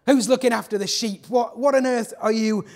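A bullying older brother, acted by a preacher who scolds and mocks. His voice is pitched very high and comes out loud and contemptuous. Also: steady tone, normal speed. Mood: scornful. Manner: mocking, scolding. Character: scornful older brother, bullying male soldier.

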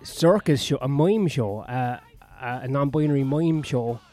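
A man's voice: mid-range voice, unhurried, a little mellow, soft background music. A man ranting in a sweary, sardonic, rambling monologue as a comedian vlogging on his own.

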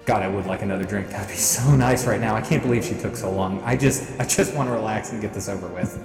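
A man's voice: lowish voice, fast, creaky, darkish tone, faint music behind, pitched below the performer's own voice. A man voicing an impatient female starship captain in a tabletop game, dry and businesslike. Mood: weary inner thoughts.

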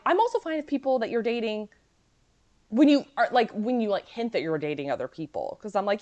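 Lively, chatty woman podcast co-host. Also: fairly high pitch. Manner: animated, chatty, quick to laugh. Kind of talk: casual chat.

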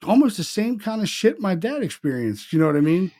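A man's voice: sits high, big pitch swings, a little fast, warm tone. Casual profane storytelling man. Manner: rambling, profane, retells dialogue in quotes. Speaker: podcast co-host.

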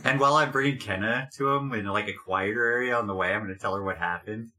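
A man's voice: lowish voice, fast talker, bright, forceful tone. A man speaking casually as a player in a tabletop game, matter-of-fact.

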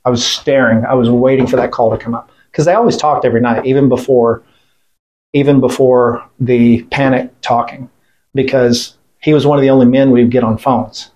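A man's voice: mid-range voice, steady tone, normal speed, a little mellow. Blunt man telling a war story. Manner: blunt, profane, retells events by quoting others; rambling with restarts and fillers. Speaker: interview guest, military veteran. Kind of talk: casual storytelling in conversation.

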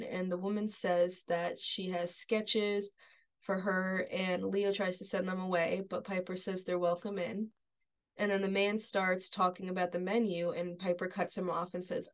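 A woman co-hosting a podcast, retelling a TV episode scene by scene in a relaxed, chatty way. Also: lowish voice. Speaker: podcast co-host. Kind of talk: casual recap chat.

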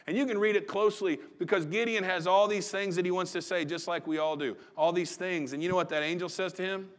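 A man's voice: high voice, fairly even intonation, quick pace, few pauses. A pastor preaching a sermon in a folksy, conversational way, acting out the quotes he reads.

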